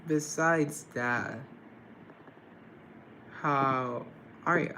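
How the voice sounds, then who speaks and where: Slow, gravelly young man chatting on stream. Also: medium pitch, pushed and bright, a little hiss or hum, poor audio. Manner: rambling, self-deprecating, reads and answers chat. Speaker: livestream host. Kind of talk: casual livestream chat.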